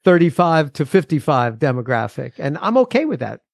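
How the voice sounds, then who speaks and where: A man's voice: fairly high pitch, very animated, brisk, creaky, no room sound, studio quality. A man in his forties, a musician guest on a podcast, talking casually in a rambling, earnest way with frequent restarts.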